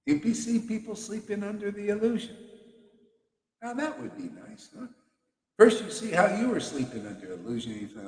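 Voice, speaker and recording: A man's voice: high-pitched, expressive, brisk, darkish tone. A man giving a fervent, playful devotional talk, laughing often. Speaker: devotional speaker. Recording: roomy hall reverb.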